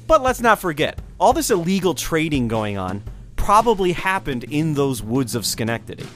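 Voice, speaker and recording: A man's voice: a little high, big pitch swings, moderate pace, a bit bright, faint music behind. A man hosting a history show, telling the story in a loose, conversational way with speculative asides. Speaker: history podcast host. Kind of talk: casual history lecture.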